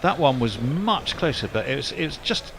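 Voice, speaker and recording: A man's voice: medium pitch, very animated, normal speed, a bit bright. A man doing ball-by-ball cricket commentary in a wry, chatty, wordy way.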